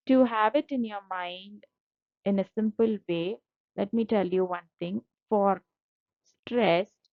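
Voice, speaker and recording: Slow-talking woman teacher. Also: medium pitch, no echo. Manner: repetitive, patient explaining with frequent fillers. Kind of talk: explaining slides in a lecture. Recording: dull lo-fi dry audio.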